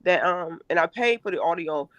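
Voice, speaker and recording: A middle-aged woman giving an emotional first-person account in an interview, halting and repeating herself with emphasis. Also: fairly low pitch, animated, fairly bright tone, dry recording. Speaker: interview guest, mother.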